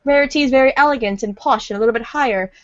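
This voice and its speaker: Brief: high-pitched woman, rambling self-deprecating podcast chat, dry close sound. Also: racing, no room sound. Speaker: fan voice actor. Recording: dull lo-fi audio.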